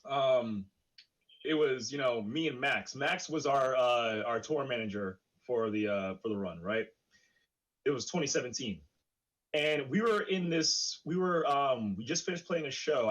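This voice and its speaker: A man's voice: medium pitch, poor audio. A man co-hosting a podcast, telling a tour story in casual chat and acting out the people in it with lots of laughing. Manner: animated storyteller acting out quotes, laughing often. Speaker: podcast co-host, band member.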